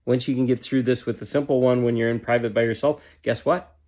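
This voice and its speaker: A man's voice: mid-range voice, fairly even intonation, fast, darkish tone. A man giving a motivational self-help talk in an emphatic, repetitive and blunt way, with casual swearing.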